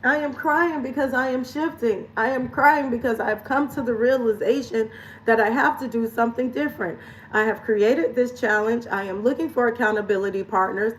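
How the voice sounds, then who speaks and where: A woman's voice: on the high side, moderate pace, recorded from a distance, a little hiss or hum, rough recording. A woman lifestyle coach talking candidly in a confessional vlog, emotional and earnest, laughing between phrases and repeating lines for emphasis.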